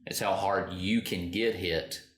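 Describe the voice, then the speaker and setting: A man co-hosting a casual talk show, earnest and animated when quoting, often restarting his sentences. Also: sits low, a little slow, echoey room. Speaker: podcast co-host. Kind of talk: casual chat.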